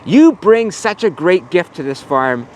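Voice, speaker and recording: A tired, kindly farmer from a storybook, voiced by a man, slow and gentle. The voice sits fairly high and moves lively. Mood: tender.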